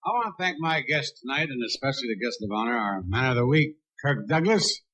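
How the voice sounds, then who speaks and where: A man's voice: mid-range voice, expressive, quick pace, fairly bright tone. A man hosting a comedy roast, introducing guests and closing with easy teasing patter. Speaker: roast host. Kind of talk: emcee patter. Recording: noisy vintage television broadcast.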